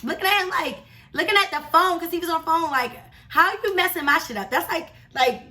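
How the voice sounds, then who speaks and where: A young woman vlogger telling a story in a casual, chatty, slangy and animated way. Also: very high-pitched, fairly quick, recorded from a distance.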